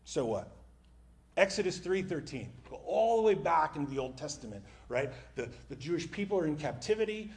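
A man with a slightly higher voice gives a sermon from a church stage. He preaches in an animated, conversational way and often sinks to a near-hush. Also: a little fast, gravelly. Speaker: pastor.

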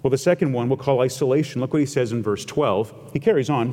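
A man preaches in a relaxed, conversational way, putting scripture into everyday speech. His voice sits at an ordinary middle pitch. A long reverb hangs behind it, as if in a big sanctuary. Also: fast, few pauses. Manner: conversational preaching, paraphrasing scripture in plain talk. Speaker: pastor. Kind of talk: sermon.

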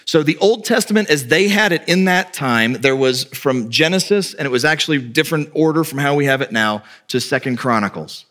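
A male pastor preaching a sermon with lively delivery, often acting out quoted speakers in a raised voice. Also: fairly high pitch, brisk, few pauses.

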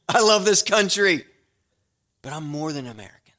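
A middle-aged pastor with a bright, forceful voice that sits a touch high for a man. He preaches in a conversational way, speaking directly to the congregation and moving from near-whispered asides to ringing, emphatic lines. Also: expressive, measured pace, long pauses. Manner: swings from hushed asides to loud, emphatic declarations. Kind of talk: sermon.

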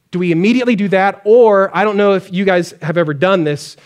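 A pastor preaching a conversational sermon, acting out pleading prayers. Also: male voice, high voice, fast, few pauses.

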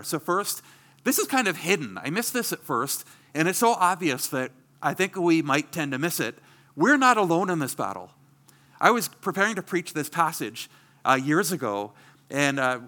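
Bright, emphatic pastor preaching. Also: male voice, fairly high pitch. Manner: earnest, emphatic, with rhetorical questions. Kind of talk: sermon.

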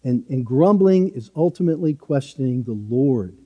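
A man's voice: mid-range voice, animated, moderate pace, dark tone, big-room sound, lo-fi sound. A man preaching a sermon as pastor, earnest and emphatic, driving points home with repeated short phrases.

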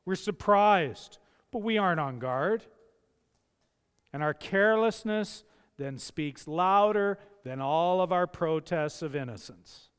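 A man's voice: high-pitched, expressive, slow, smooth. A man preaching a sermon as a pastor, impassioned, often acting out the voices he quotes. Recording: long hall reverb.

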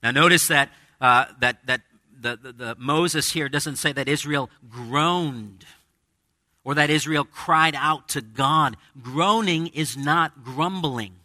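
Bright, dry-voiced male pastor preaching. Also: a little high, slow pace, no room sound. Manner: conversational preaching with dramatic quoted asides. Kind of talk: sermon. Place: church with a congregation.

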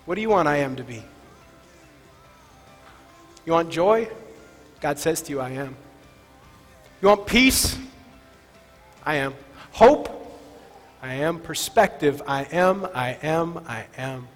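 A preacher voicing God, soft and reassuring. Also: male voice, on the high side, sing-song, voice pushed down. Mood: tender. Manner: soft, slow first-person pledges. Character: God speaking, gentle reassuring male voice. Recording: reverberant hall with faint music.

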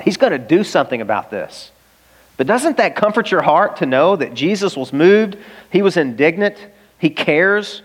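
A male pastor preaching a sermon in an earnest, emphatic way, asking the listeners rhetorical questions. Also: fairly high pitch. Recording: long reverb of a large hall.

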